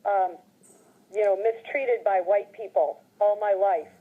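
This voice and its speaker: Chatty woman telling a story, husky voice. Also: medium pitch, measured pace, phone-quality sound. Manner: chatty, laughing often, quoting people in lively voices. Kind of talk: casual anecdote.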